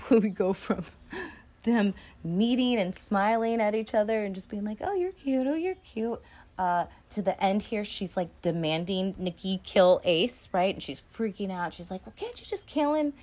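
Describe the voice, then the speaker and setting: A woman with a slightly low voice chats casually about a film as a podcast host. She rambles, restarts her sentences and swears freely, with plenty of fillers. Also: a little mellow. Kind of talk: casual film review chat.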